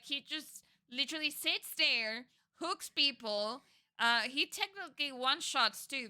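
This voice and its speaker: A woman's voice: high voice, sharp tone. A woman in casual chat as a podcast co-host, ranting in exasperation and swearing freely.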